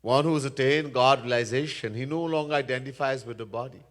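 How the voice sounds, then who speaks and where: A mid-range male voice moves fairly quickly as a swami delivers sermon storytelling, earnestly telling a scripture story and chanting verses. The setting is a Hindu temple with an echoey hall.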